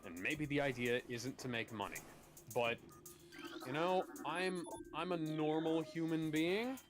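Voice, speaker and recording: A man's voice: on the high side, unhurried, music in the background. A man co-hosting a podcast in casual chat, rambling and swearing casually. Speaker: podcast co-host. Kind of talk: casual chat while gaming.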